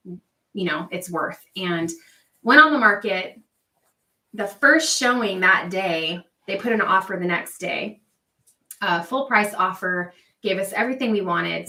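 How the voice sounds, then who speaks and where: A woman's voice: medium pitch, bright, forceful tone, recorded from a distance. A woman hosting a casual livestream, chatting with viewers and answering their comments by name. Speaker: livestream host. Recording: echoey room, voice a bit off-mic.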